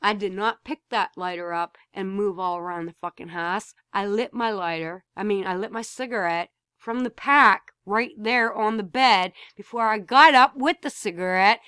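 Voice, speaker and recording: A woman speaks straight to her camera from home, telling a story in a loose, blunt way. She swears freely and repeats words when she gets worked up. The sound is dry, with no room echo, and her pitch sits in the middle. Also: moderate pace, few pauses, fairly bright tone, clean tone. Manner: blunt, swears freely, repeats herself, rising to emphatic outbursts. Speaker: vlogger.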